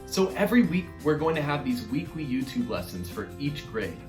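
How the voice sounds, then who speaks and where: Upbeat male music teacher, lively pitch. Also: normal speed. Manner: upbeat, encouraging, addresses kids directly. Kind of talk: online music lesson for young children. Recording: roomy echo with faint music.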